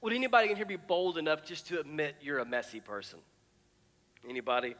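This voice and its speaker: A man's voice: on the high side, fast talker, fairly bright tone. A middle-aged man preaching a sermon as pastor, telling stories in a chatty way with many restarts and repeated words. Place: church auditorium. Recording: church hall reverb with music.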